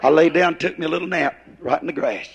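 A man preaching a revival sermon, folksy in his grammar and building to shouted emphasis. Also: fairly high pitch, quick pace, vocal fry, slightly rough.

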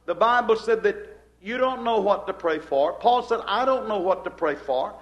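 A man's voice: high voice, animated, normal speed, a bit bright. A man preaching a sermon with fervent delivery, acting out cried prayers and using King James phrasing. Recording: dull lo-fi recording.

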